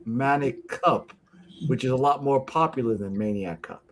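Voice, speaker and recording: A man's voice: medium pitch, a little fast. A man on a casual chat panel who makes dry joking quips. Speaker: panel guest.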